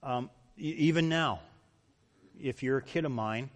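A man's voice: medium pitch, a little slow. A male pastor preaching a sermon, emphatic and full of rhetorical questions. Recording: long reverb of a large hall.

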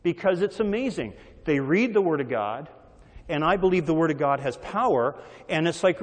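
A man's voice: on the high side, lively intonation, moderate pace. A man preaching a sermon, repeating phrases to drive a point home and shifting his emphasis often. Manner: repetitive call-and-response phrasing, varied emphasis. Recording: long reverb of a large hall.

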